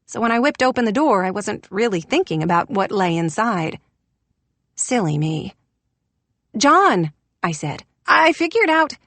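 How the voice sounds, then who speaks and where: A woman narrates a first-person audiobook in a middle register, neither high nor low. Her reading is expressive, rising for the quoted dialogue. The recording is close and dry, with no room sound. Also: moderate pace, no echo.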